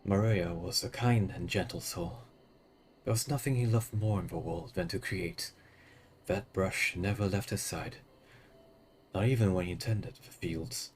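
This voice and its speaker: A man voicing a gentle, sorrowful village widow, in soft, measured speech. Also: low voice, slight background noise.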